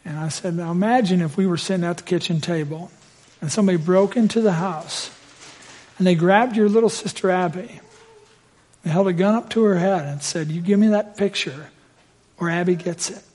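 High-voiced preacher telling stories. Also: male voice, fairly quick. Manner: storytelling preacher, swells loud at climaxes. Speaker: pastor. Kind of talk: sermon.

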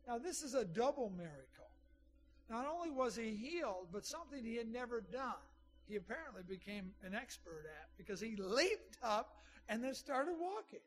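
A man's voice: high-pitched, slight background noise. A middle-aged man preaching a sermon in a conversational way, with asides to the congregation. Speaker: pastor.

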